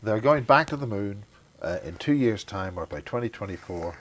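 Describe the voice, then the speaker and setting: A man's voice: lowish voice, lively intonation, moderate pace, a bit bright. A man interviewing in a casual conversation, teasing and provoking with mock-earnest remarks.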